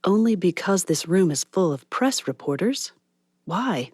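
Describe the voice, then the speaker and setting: A woman narrator voicing a reluctant young male film star who speaks quietly and hesitantly. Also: sits high, very animated, unhurried, dry recording, clean studio sound, full character voice. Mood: uneasy.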